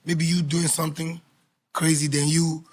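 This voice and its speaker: An easygoing man guest in his thirties chats at a relaxed, wandering pace. His voice is husky and sits a bit high, and he circles his points loosely. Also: moderate pace. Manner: easygoing, rambling. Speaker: guest singer. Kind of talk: casual interview chat.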